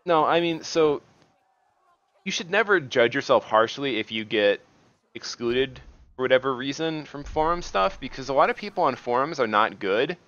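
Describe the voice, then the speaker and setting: A man giving casual, rambling commentary while playing a game, halting and restarting often and swearing at the game now and then. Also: medium pitch, lively intonation, fairly bright tone, dull audio. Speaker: gaming video host.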